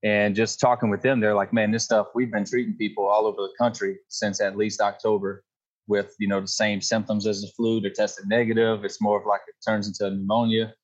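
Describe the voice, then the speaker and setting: A podcast guest who co-founded a company, this Louisiana man with a Cajun accent talks in a laid-back, matter-of-fact way on a casual show. His lowish voice barely moves in pitch and runs brisk, and the audio is dull.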